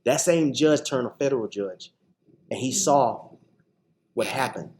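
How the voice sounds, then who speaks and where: A man's voice: mid-range voice, measured pace, a little mellow, a little hiss or hum. A man guest on a radio interview, telling his personal story with emphatic repetitions and frequent restarts. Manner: acts out quoted voices. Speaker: guest, TV show founder.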